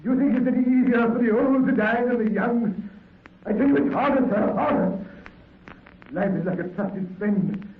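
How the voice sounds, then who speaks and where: A proper old gentleman lectures about manners and dying, his voice pitched high and stammering over restarts. It comes through a thin, phone-like old radio recording with a hollow echo and faint hiss. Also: moderate pace. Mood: indignant. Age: older. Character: stiff, formal old gentleman trapped in mine. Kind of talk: 1930s radio drama acting. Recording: scratchy, echoey 1930s radio broadcast.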